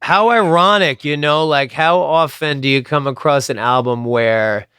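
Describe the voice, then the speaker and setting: A man's voice: fairly high pitch, unhurried, bright, forceful tone, smooth, dry recording, studio quality. A man in his late thirties from New Jersey, a songwriter and band frontman, talking casually in an interview about making an album. He rambles with lots of fillers and makes sardonic asides.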